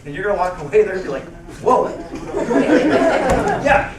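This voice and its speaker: A man giving a motivational keynote speech to a live audience, energetic and acting out bits of dialogue. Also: high-pitched, unhurried, over a noisy crowd. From United States. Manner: energetic, acts out dialogue in voices. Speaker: motivational speaker. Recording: echoey room from far off, noisy.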